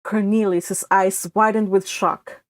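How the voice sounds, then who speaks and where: A woman narrates her own fan fiction in a steady read-along style. Her pitch sits in the middle range. The sound is close and dry. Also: slow pace, no echo. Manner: steady storytelling with occasional slips. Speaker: fan fiction author reading aloud.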